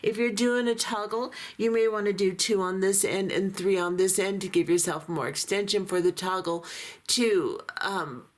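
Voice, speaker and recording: A woman giving a calm, methodical beading tutorial, talking through each step as she works, her voice a little hoarse. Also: medium pitch, moderate pace. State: voice going hoarse. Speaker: beading instructor.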